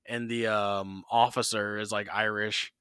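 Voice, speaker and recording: A man's voice: fairly low pitch, little pitch movement, measured pace, pushed and bright, clean tone, no room sound, clean studio sound. A man co-hosting a podcast, telling rambling stories in a casual chat and swearing freely. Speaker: podcast co-host.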